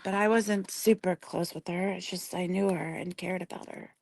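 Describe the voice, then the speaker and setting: A woman with a hoarse, fading voice, talking softly and often half-whispering during a casual livestream while she paints at her home desk, tearful and grieving. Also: lowish voice, fairly even intonation, moderate pace, hardly any pauses.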